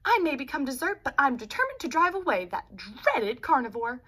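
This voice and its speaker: A woman's voice: high voice, very animated, moderate pace, pushed and bright, pitched above the performer's own voice, heavily acted. A woman voicing a young female dinosaur heroine in a read-aloud storybook, speaking with determined defiance.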